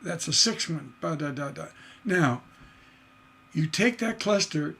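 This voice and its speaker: Gravelly, slow-talking man teaching songwriting. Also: on the high side, expressive, bright, forceful tone. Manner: enthusiastic, sings rhythm syllables to demonstrate. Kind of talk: livestream lesson.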